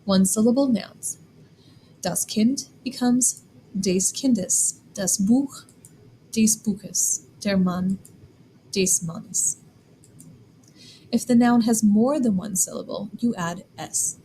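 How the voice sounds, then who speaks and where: A woman explaining German grammar in a clear, deliberate lesson, slowing down to spell out examples. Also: mid-range voice, mellow, a little hiss or hum, poor audio. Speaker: German teacher. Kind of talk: scripted classroom explanation.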